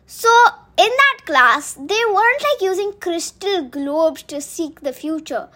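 A woman's voice: extremely high pitch, expressive, unhurried, pushed and bright. A woman hosting a podcast, retelling a book in a chatty way with fillers and asides. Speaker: podcast host.

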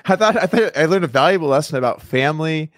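A man's voice: on the high side, animated, fast, no echo, clean studio sound. A man hosting a casual chat, telling stories and stumbling over his words now and then. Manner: storytelling, stumbles and repeats words. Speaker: podcast host.

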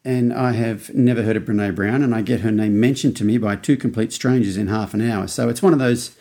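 Gravelly Australian man in his fifties. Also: lowish voice, fairly even intonation, a little fast, dark tone. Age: 50s. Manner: rambling, with many restarts and acted-out quotes. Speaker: podcast host. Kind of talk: casual storytelling monologue.

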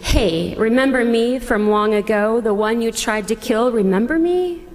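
A woman pastor voicing a powerful man who gently reassures his brothers, within a sermon. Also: a little high, expressive, normal speed, close to an everyday voice. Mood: reassuring. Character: forgiving grown man, powerful ruler. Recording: long church reverb.

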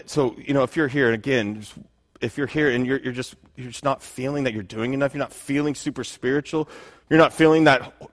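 A man's voice: mid-range voice, vocal fry. A man preaching a sermon in an earnest, conversational way, often restarting his phrases. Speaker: pastor. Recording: long reverb of a hall.

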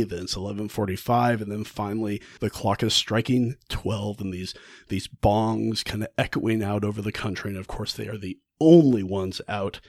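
A man hosting a podcast, casually retelling a story with enthusiasm and frequent halting restarts. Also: medium pitch, dry recording, clean studio sound. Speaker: podcast host.

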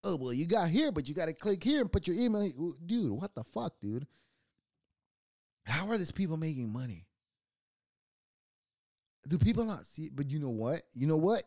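Slightly high yet dark in tone, this young man's voice carries his podcast as he rants loosely, full of profanity and scornful laughter. The recording is dry and studio-clean.

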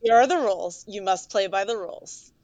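A woman's voice: medium pitch, fairly quick, a little mellow, dry recording. A woman podcast host running a playful mock cross-examination of her guest, with a teasing, mock-stern way of putting questions.

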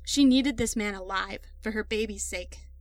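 A woman narrating a dark story in a measured, dramatic storytelling manner. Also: mid-range voice, no echo, faint music behind. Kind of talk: scripted narration.

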